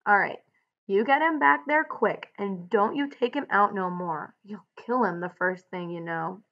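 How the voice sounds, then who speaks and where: A woman reading aloud the lines of a blunt, weary ranch-hand man who protects his friend, in a rough, plain-spoken way. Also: medium pitch, measured pace, lo-fi sound, close to an everyday voice. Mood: scolding.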